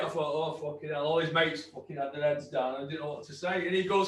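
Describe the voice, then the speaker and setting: A man's voice: fairly high pitch, animated, normal speed, bright, forceful tone, echoey room, recorded from a distance. A man hosting a casual podcast, talking bluntly, swearing freely and ribbing his co-host with mock aggression.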